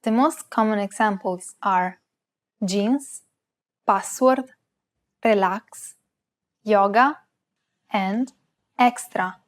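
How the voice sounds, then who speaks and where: A woman co-hosting a language lesson, reading example words with slow, careful pronunciation. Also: mid-range voice. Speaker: co-host and native-speaker model.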